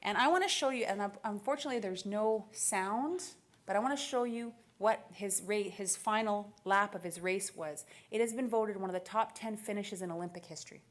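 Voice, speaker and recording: A woman in her thirties from Canada speaks from a conference stage in a middle-pitched voice. She tells her story with lively energy, laughing often and acting out the dialogue. Her delivery is a keynote address told like a personal anecdote. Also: a little fast. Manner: animated, laughing, acts out dialogue. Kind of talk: storytelling speech.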